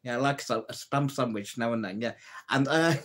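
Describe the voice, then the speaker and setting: A man's voice: mid-range voice, a little fast. A man hosting a casual live stream, telling old jokes, reading out viewer comments and laughing at his own punchlines. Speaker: livestream host.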